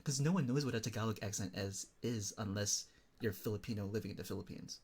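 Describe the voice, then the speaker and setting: Man, streamer, husky voice, animated casual chat, talks to chat by name. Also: lowish voice, quick pace.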